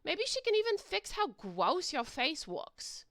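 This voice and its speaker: A woman voicing a small, slimy, cranky creature that complains and shouts, reading a webcomic aloud. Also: very high voice, wildly swooping pitch, measured pace, dry recording, studio quality, voice pushed up, heavily acted. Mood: grumbling.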